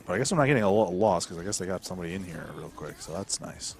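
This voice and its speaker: A young man with a low, gravelly voice, talking loosely over a game stream. He curses often and grumbles about how the match is going, in an easy, unpolished way. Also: lively intonation, racing. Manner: swears freely, rants about the game. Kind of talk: casual gaming chat.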